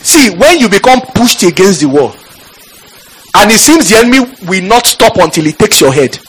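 A man preaching a fiery sermon in church, shouting out scripture and calling on the congregation. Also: high-pitched, very animated, moderate pace, husky, rough recording.

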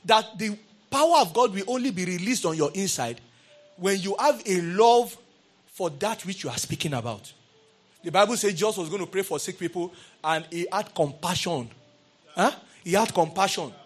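A high-pitched man preaching to a congregation. He swings between soft, confiding asides and loud, ringing exclamations. He keeps calling out to the listeners for a response. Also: lively intonation, moderate pace, husky, faint music behind. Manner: calls out to the congregation. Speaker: pastor. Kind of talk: sermon.

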